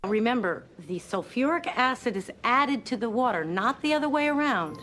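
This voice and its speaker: Brisk chemistry teacher. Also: female voice, a little high, lively intonation, fairly bright tone, a little hiss or hum. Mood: instructive. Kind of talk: TV sitcom acting.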